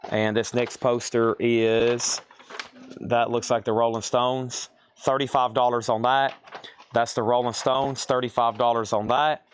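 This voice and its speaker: Live-sale host, man, mid pitch, rattles off prices and buyers, thinks aloud, dry room. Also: clear, resonant tone, no echo. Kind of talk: live auction selling.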